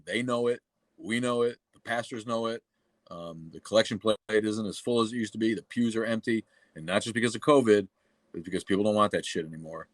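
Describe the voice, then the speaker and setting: A man's voice: sits low, a bit bright, no echo. A middle-aged man from New England with a New England accent, hosting a casual livestream and talking bluntly and profanely, with many fillers and restarts. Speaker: livestream host.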